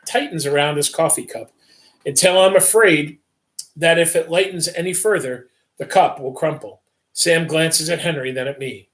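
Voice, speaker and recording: A man reads a first-person story aloud on a livestream. His voice is bright and a little pressed, and it sits fairly high. His delivery is steady and plain. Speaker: story reader.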